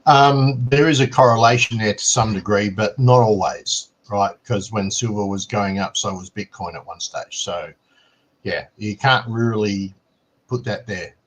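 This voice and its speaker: A man as co-host on a casual stream, explaining in a relaxed plain way and ending points with "right?". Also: lowish voice, a little slow. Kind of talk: casual chat.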